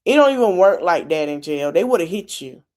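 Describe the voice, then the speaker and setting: A woman's voice: lowish voice, big pitch swings, brisk, a little mellow. A woman chiming in on a casual livestream, giving blunt, skeptical commentary. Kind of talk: casual chat.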